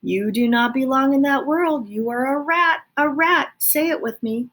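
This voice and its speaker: A woman voicing a domineering male rat who lectures another rat, loud and insistent. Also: mid-range voice, lively intonation, normal speed. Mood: lecturing.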